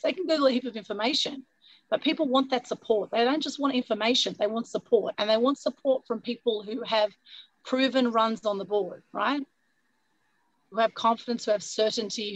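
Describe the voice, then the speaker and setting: A woman with a husky voice hosting an online meetup, energetic and coaxing, often adding "right?" over a video call. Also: on the high side, no echo, rough recording. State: husky from a recent flu. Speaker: meetup host. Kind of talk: upbeat motivational talk on a video call.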